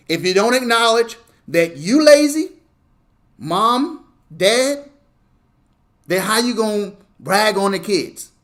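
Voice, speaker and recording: A man's voice: high-pitched, fairly bright tone. A male pastor preaching in a conversational way, often checking in with the congregation and acting out parents and children. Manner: conversational, repeats "okay?" to the congregation; acts out parents and kids in quoted voices. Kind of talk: sermon.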